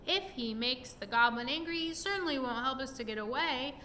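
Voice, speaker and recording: An earnest, fretful little girl, voiced by a woman reading aloud. She sounds high and bright. It is a storybook reading. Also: animated, brisk, a little hiss or hum. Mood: worried.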